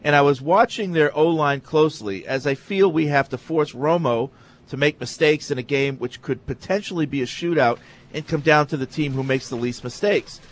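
A man's voice: fairly high pitch, moderate pace. Easygoing man reading listener emails. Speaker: sports talk co-host reading listener emails. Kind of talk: casual sports talk, reading emails aloud.

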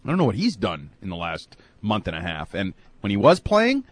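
A man co-hosting a sports talk show who tells lively stories and breaks down the players. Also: on the low side, fairly quick, no echo. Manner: animated storyteller and analyst.

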